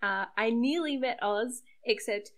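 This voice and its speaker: Talking on a podcast about creating webcomics, this young woman, a regular on the site and a webcomic maker herself, laughs often, uses plenty of fillers and pokes fun at herself. Her voice is a little high, a little slow and gravelly, captured in a rough recording.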